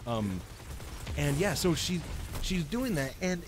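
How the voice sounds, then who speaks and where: A young man chatting through a live game stream, his talk rambling and full of fillers and false starts. His pitch swings widely, and he jumps to high, excited yelps at the action on screen. A steady hiss of noise sits under the voice. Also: slow. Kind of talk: live gameplay commentary. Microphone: headset-style desk mic, headphones off. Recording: noisy game stream audio.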